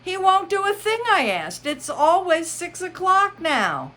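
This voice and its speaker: A woman reads as an eccentric, boastful hatter who slips into mournful asides, his voice pitched high and sing-song and swooping widely. He drags out his words and stretches them for effect. This is a storybook voice, playful and theatrical. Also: very animated, unhurried, pushed and bright, exaggerated voice. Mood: whimsical.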